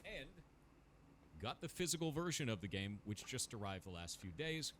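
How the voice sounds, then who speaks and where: A man explaining and defending himself in a measured, prepared statement. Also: medium pitch, very animated, crowd noise.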